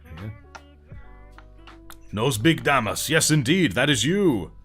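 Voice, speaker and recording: A man with a medium-pitched, fairly bright, breathy voice speaks at a measured pace with big pitch swings over soft background music. Hosting a casual livestream, he paints miniatures, chats, reads and thanks his chat, and laughs often.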